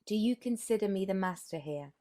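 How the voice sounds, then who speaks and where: A woman voicing an earnest, impatient young gentleman who presses his questions insistently. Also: mid-range voice, expressive, fairly quick, close to an everyday voice.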